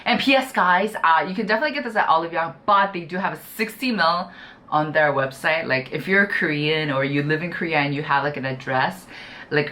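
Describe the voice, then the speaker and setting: A woman's voice: deep voice, bright, forceful tone. A young woman chatting casually to camera as she reviews skincare products, gushing and full of "you know" and "like". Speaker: beauty YouTuber.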